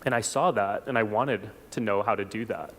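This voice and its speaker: A man from South Texas giving a reflective personal talk at a church forum, unhurried, with small restarts. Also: fairly low pitch, fairly bright tone. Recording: long hall reverb.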